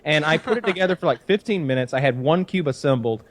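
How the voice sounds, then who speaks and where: A man's voice: a little high, lively intonation, fast. Man, podcast host, casual chat, rambling, exasperated, swearing.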